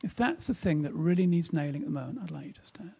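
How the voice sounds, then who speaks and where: Raspy, gravelly-voiced man preaching. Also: a little high, animated, quick pace. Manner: emphatic, storytelling, drops to a whisper in quiet moments. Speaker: speaker at a church service. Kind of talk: sermon with storytelling.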